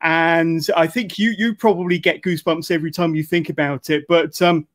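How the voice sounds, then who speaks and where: A man's voice: on the high side, steady tone, normal speed. A man hosting a wrestling podcast, asking long questions with many fillers and restarts. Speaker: podcast host. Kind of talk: interview questions.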